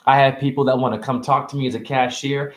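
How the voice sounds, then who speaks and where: A man giving a rambling, confrontational livestream monologue. He fires off rhetorical questions, and his pitch swings widely. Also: fairly even intonation, fast, echoey room. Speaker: spiritual vlogger and store cashier.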